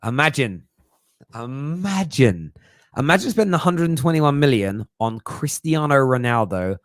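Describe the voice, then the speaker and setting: A man's voice: a little high, lively intonation, moderate pace, smooth, no room sound. Chatty young man, dry mic. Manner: chatty and jokey, laughs often, slangy. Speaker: livestream host. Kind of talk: casual live chat.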